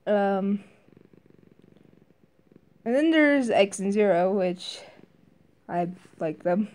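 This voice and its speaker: Woman, casual game reviewer; slow, mellow delivery; hesitant, filler-heavy. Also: expressive. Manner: hesitant, many fillers and restarts; briefly mimics game character lines in higher voices.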